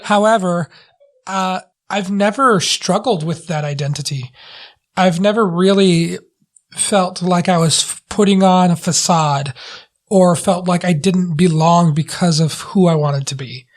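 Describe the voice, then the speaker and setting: A man's voice: high voice, measured pace. A man co-hosting a casual movie review podcast, earnest and self-deprecating, often restarting his sentences. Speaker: podcast co-host. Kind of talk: casual chat.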